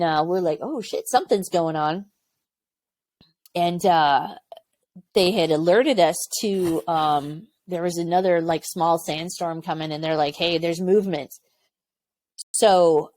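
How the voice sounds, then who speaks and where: A woman's voice: on the low side, dry recording. A woman in her forties, a former Army medic, telling stories candidly in a casual interview and acting out what others said. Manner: candid, lively storytelling with quoted voices and laughter. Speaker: podcast guest, former Army aviation medic.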